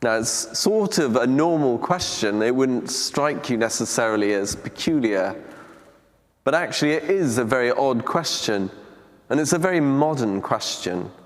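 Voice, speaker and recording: Measured preacher man in a reverberant church. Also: medium pitch, animated. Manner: measured, deliberate delivery with reflective pauses. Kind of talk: teaching talk on scripture.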